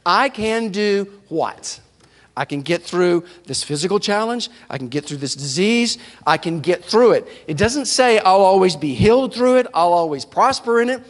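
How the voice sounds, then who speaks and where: A man pastor preaching a sermon in a church, telling stories with animated delivery. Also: high-pitched, normal speed, hardly any pauses. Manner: animated storytelling preacher, shouts playful whoops. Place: church sanctuary. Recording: church hall reverb.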